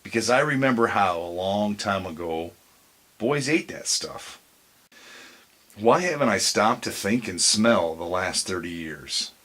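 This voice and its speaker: A man's voice: lowish voice, animated, unhurried, fairly bright tone. A man voicing a tearful, wistful old barber in a storybook reading, musing aloud in emotional questions.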